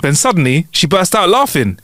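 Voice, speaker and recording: A man's voice: on the high side, very animated, a little fast, a bit bright, dry recording, clean studio sound. A man co-hosting a comedy podcast, reading listener jokes aloud in a playful, chuckling way. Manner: playful, chuckling joke delivery. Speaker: podcast co-host.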